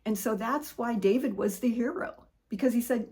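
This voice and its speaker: A woman's voice: fairly high pitch, moderate pace, few pauses. A middle-aged woman hosting a podcast, talking earnestly and conversationally in a personal motivational monologue. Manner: earnest, conversational storytelling with animated quoted voices. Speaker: podcast host.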